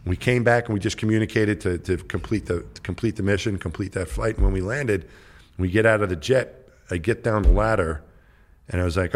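Middle aged guy w a really deep voice, rambly storyteller doing everyone's lines. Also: brisk. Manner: rambling anecdotal storyteller, acts out dialogue. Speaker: guest, former astronaut. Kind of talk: casual storytelling interview.

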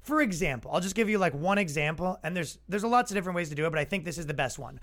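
A man's voice: sits high, lively intonation, rapid-fire, a bit bright. A man hosting a comedy podcast, ranting casually in an exasperated, sarcastic way. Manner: exasperated, sarcastic, acts out quoted voices.

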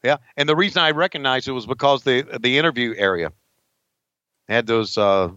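A man's voice: medium pitch, fairly quick, bright, forceful tone, smooth, no echo, muffled recording. A man in his sixties co-hosting a podcast, chatting casually and laughing over old wrestling footage. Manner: laughing, easygoing, folksy. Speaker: podcast co-host.

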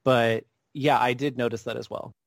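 A man's voice: medium pitch, steady tone, normal speed, creaky, no room sound. Rambling man, dry close sound. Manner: rambling, self-correcting with many restarts. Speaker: podcast co-host. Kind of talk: casual chat.

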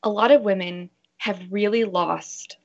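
Bra fitter lady chatting in an interview, a bit gravelly, kinda muffled audio. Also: mid-range voice, unhurried. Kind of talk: casual interview chat.

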